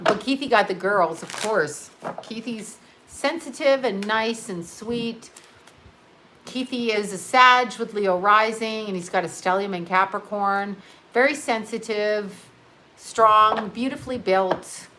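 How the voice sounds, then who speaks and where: A woman's voice: medium pitch, sharp tone, slight background noise, poor audio. A middle-aged woman giving a casual astrology reading, chatty and rambling, swearing and laughing often, sounding tired. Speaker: psychic astrology reader.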